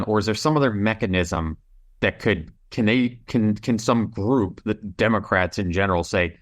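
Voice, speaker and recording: A man interviewing a guest, asking questions in a halting, searching way. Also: lowish voice.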